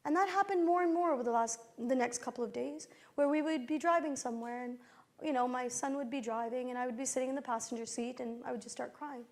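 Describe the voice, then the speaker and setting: Middle-aged woman, keynote speaker, high-pitched, motivational, storytelling. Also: quick pace, a little mellow. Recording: speaking to a conference audience.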